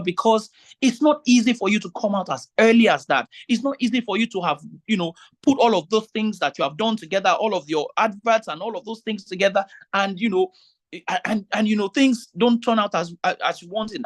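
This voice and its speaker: A man speaks as an event MC in a meeting with vendors. He is emphatic and pleading, and he often repeats himself and circles back to the same appeal. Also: high voice. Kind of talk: meeting talk.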